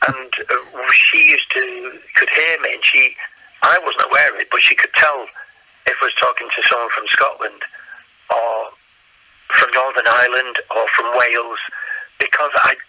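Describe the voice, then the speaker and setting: A man from England, an impressionist, telling lively anecdotes in a casual chat and slipping into accents. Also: medium pitch, moderate pace, no echo, low-quality recording. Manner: animated anecdotes, slips into accents. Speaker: guest impressionist.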